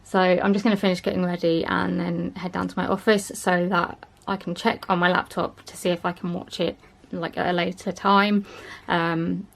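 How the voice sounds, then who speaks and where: A woman's voice: on the low side, little pitch movement, moderate pace, gravelly. A young woman chatting casually to camera in her vlog, rambling along with plenty of ums and little laughs. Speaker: vlogger.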